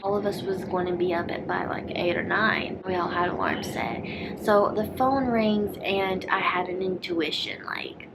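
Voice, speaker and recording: A woman's voice: lowish voice, steady tone, normal speed, creaky, very noisy. A young woman vlogger telling a storytime in a rambling, filler-heavy way, slipping into whispered asides. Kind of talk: casual storytime vlog.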